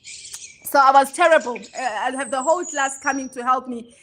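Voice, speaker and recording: A woman's voice: high-pitched, moderate pace, a bit bright, slight background noise. A woman hosting a casual livestream chat, talking to viewers and answering their comments as she goes, laughing at herself now and then. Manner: chatty, reads and answers viewer comments aloud; laughs easily, self-deprecating. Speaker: livestream host.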